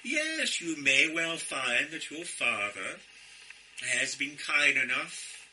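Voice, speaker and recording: Very old jolly Father Christmas, put on by a man; grandly reassuring, bright, lively pitch. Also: takes it slowly, slight background noise, heavily acted, rough recording.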